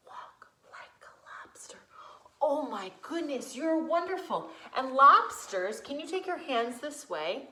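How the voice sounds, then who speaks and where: A woman's voice: medium pitch, fairly bright tone. A woman teacher leading young children through a movement lesson, encouraging and sing-song. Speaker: preschool teacher. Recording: echoey room.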